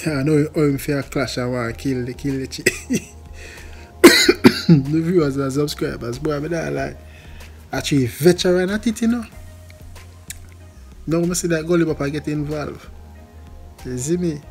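A man's voice: fairly high pitch, unhurried, pauses often, darkish tone, soft background music. A Jamaican man hosting his channel, commenting casually and laughing often. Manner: laughing, amused. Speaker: channel host.

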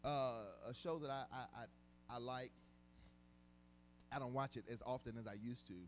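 A man preaching a sermon as pastor, emphatic and colloquial, repeating words and swinging from quiet stretches to shouts. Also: mid-range voice, fairly even intonation, moderate pace, slight background noise. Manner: casual, colloquial speech.

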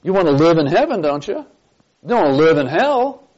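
A man's voice: a little high, sing-song, moderate pace, a little mellow. A man teaching a church Bible class, stressing key points and quizzing his listeners with questions. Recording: dull lo-fi recording.

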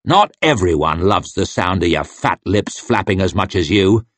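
A man's voice: sits low, animated, moderate pace, no room sound. A man voicing a tired, battered warrior who speaks bluntly and grimly. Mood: weary scorn. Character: weary, battered male warrior, blunt and grim.

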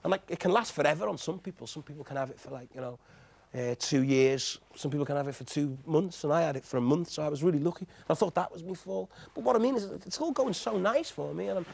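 A man's voice: fairly high pitch, fast talker, gravelly, a little mellow. A man, a TV guest, answering audience questions in a rambling way with lots of fillers and chuckles. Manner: rambling, frequent "you know" fillers, chuckles often. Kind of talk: studio TV question session.

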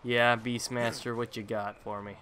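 A man's voice: medium pitch, flat delivery, moderate pace, crowd noise. A man casually commentating his own gameplay, rambling with jokey self-mocking asides. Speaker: gaming YouTuber. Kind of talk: casual let's-play commentary.

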